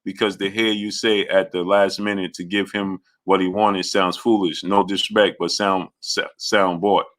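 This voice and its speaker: A man's voice: low voice, flat delivery, moderate pace, a bit bright. A man hosting a boxing livestream, reading viewer comments and arguing back with indignation. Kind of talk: casual live-stream chat, reading super chats.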